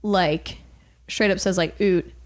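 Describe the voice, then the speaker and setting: A woman's voice: medium pitch, fairly quick. Chatty woman podcast co-host. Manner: chatty storyteller, heavy use of "like". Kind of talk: casual chat.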